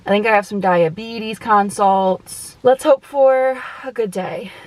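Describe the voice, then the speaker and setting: A woman's voice: medium pitch, slow pace, low-quality recording. A woman, a dietitian, chatting casually to her viewers in a day-in-the-life vlog. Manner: chatty, talks straight to viewers. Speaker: outpatient dietitian vlogger.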